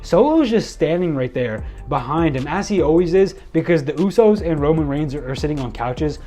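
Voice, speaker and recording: A man with a voice a little above the usual male range, talking through a wrestling show recap in an excitable, rambling way. He restarts his sentences often, and faint music plays softly behind him. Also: a little high, moderate pace. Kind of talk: casual spoken recap.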